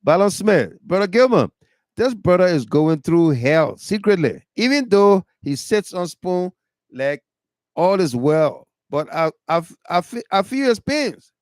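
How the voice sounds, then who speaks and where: A man's voice: high voice, sing-song, unhurried, darkish tone, dry recording, clean studio sound. A man hosting a radio talk show, delivering a mocking political monologue and repeating his questions.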